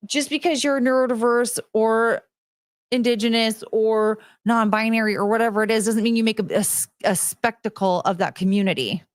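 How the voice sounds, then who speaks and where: A woman's voice: fairly high pitch, fairly even intonation, moderate pace, no room sound, clean studio sound. A young woman hosting a casual commentary stream, rambling and swearing, slipping into mocking voices when she quotes people. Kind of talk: casual rambling livestream chat.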